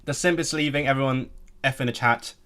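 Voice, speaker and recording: A man's voice: mid-range voice, fairly even intonation, brisk, bright, forceful tone. Stammering, chatty man. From Hong Kong. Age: late 20s. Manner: chatty and joking, with frequent stammered restarts. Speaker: language-learning streamer. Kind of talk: casual live-stream chat, reading out viewer comments.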